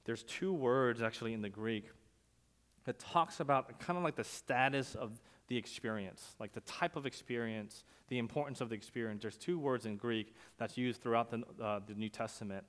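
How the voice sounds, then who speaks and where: A male pastor preaching a sermon, telling stories conversationally and swinging from loud emphasis to quiet asides. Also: mid-range voice, moderate pace. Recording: long hall reverb.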